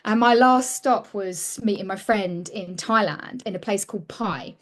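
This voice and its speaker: A women's mentor, interviewed as a guest, tells her story slowly in a medium-pitched voice. She sounds earnest and reflective, frequently restarting her sentences partway through.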